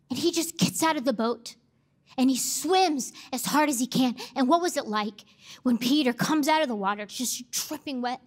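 A woman's voice: high-pitched, normal speed. A woman pastor preaching a sermon, emphatic and repeating key phrases for effect.

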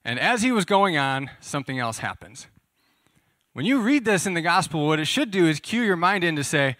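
A pastor with a fairly high, fairly bright voice and lively intonation preaches a casual sermon at normal speed, explaining scripture conversationally and asking his listeners questions. There's no echo, just clean studio sound.

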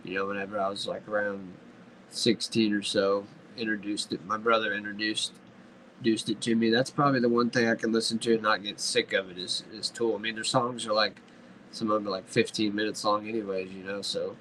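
A man who is a guest on a casual podcast chat, talking in a laid-back, halting way with casual swearing. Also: lowish voice, level tone, a bit bright, a little hiss or hum, low-quality recording.

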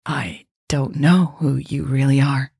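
A woman reading a story voices a warm adult woman who teases gently. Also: very deep voice, level tone, slow, vocal fry, breathy edge, no echo, clean studio sound, exaggerated voice. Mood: teasing. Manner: gentle, teasing.

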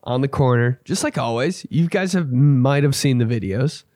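With an expressive, slightly mellow mid-range voice, a young podcast host tells loose, rambling stories at a moderate pace, acting out each person he quotes. The studio sound is clean, with no room sound.

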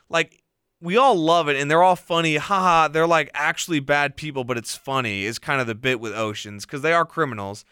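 A young man co-hosting a podcast, chatting casually about movies in an animated way and acting out scenes in put-on voices. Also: a little high, clean tone, no room sound, studio quality. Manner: animated, puts on voices when retelling scenes. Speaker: podcast co-host.

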